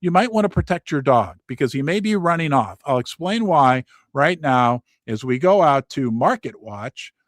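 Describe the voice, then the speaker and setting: A middle-aged man from the United States talks through market news from his basement in a casual, joking way. His voice sits high and swings widely in pitch, with many restarts and asides. The sound is dry, with little room echo. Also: normal speed, few pauses. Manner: animated, jokey, rambling with restarts and asides. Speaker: host.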